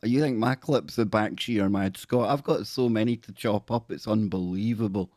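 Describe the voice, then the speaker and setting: A jovial man hosting a talk show, his voice sitting a little low. He banters easily and loops back on pet phrases. The sound is dry and close on the mic. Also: normal speed, a little mellow, no echo. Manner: jovial, bantering, repeats catchphrases. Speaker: podcast host. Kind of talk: casual radio-show chat.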